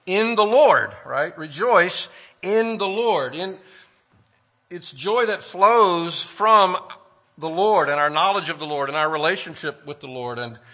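A man preaching a sermon earnestly, asking rhetorical questions and slowing down to stress key phrases. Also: on the high side, sharp tone. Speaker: pastor.

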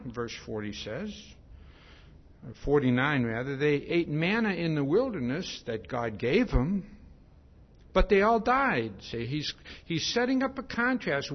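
A male preacher giving an expository Bible sermon, emphatic, often asking "see?" to drive each point home. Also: fairly high pitch. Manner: repeats "see?" often, emphatic, lively rises and drops. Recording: dull lo-fi sermon recording.

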